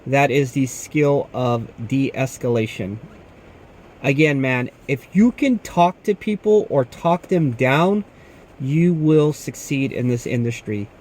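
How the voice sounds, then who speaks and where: A man's voice: mid-range voice, animated, takes it slowly, a little mellow. Laid-back man who keeps saying "man". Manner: laid-back, says "man" often, tells stories with quoted dialogue. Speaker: security guard. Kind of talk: casual talk to camera.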